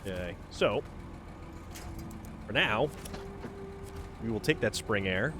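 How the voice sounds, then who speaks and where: A man's voice: fairly low pitch, animated, slow, over music. Rambling man streaming a driving game. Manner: rambling, repeats words, chats with viewers. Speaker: livestream gamer host. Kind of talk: casual gameplay livestream chat. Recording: game vehicle noise behind voice.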